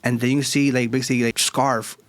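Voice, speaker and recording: A man hosting a casual manga chapter review, excitable and slangy with hype outbursts. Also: medium pitch, fairly quick, no echo. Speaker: anime reviewer, channel host.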